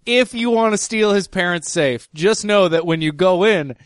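A man's voice: high voice, moderate pace, no room sound, studio quality. A man in casual podcast chat who talks emphatically and swears.

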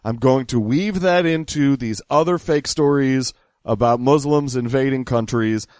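A man's voice: medium pitch, unhurried, a little mellow, dry recording. Dry-voiced, pedantic man explaining. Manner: explanatory, slightly pedantic, sarcastic. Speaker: podcast co-host. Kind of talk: casual podcast chat.

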